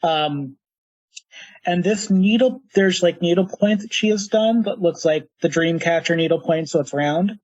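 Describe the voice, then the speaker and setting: A man's voice: high voice, measured pace, darkish tone, no echo, muffled recording. A man narrating as game master, rambling loosely with lots of fillers.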